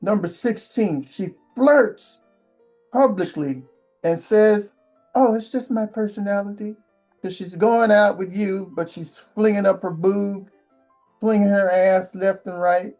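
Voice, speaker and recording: A man's voice: high-pitched, a little slow, a little mellow, soft background music. A man hosting a relationship advice monologue, telling rambling stories and often tagging lines with a rhetorical question. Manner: rambling storyteller, keeps asking "right?". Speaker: channel host.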